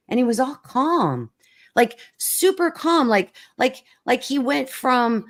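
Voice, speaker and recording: A middle-aged woman hosting a casual chat, telling a story with many restarts and acting out quotes in a higher voice. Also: animated, slow. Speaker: host.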